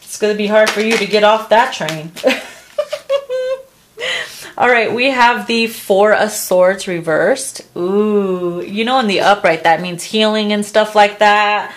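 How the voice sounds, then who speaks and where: A woman's voice: mid-range voice, measured pace. A woman doing a casual tarot reading, blunt and crude, laughing often and acting out what people say. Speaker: tarot reader.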